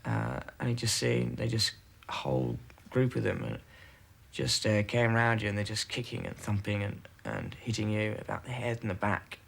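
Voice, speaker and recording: A man, a former military airman, recalling events haltingly in a documentary interview, with many pauses and fillers. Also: fairly low pitch, gravelly, fairly bright tone, slightly rough.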